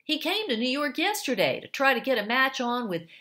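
A woman doing a high, prim society gentleman. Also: very animated, brisk, exaggerated voice. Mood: astonished. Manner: formal, polite. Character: refined gentleman in evening dress, formal.

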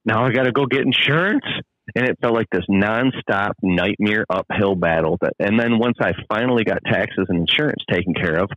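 A man who runs a landscaping business, guesting on a podcast by phone, telling stories in an intense, profane, animated way. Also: fairly low pitch, brisk, no echo. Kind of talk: casual podcast chat. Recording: lo-fi phone line.

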